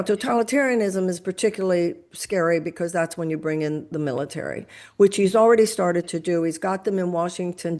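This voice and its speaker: Older woman guest, low voice, emphatic, builds arguments with examples. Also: warm tone. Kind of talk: impassioned political talk.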